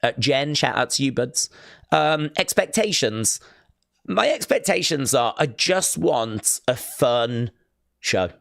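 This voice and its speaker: A man's voice: mid-range voice, animated, slow pace, creaky, fairly bright tone, no echo, clean studio sound. Chatty man hosting a live stream. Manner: chatty, reads viewer comments aloud. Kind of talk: casual watch-along chat.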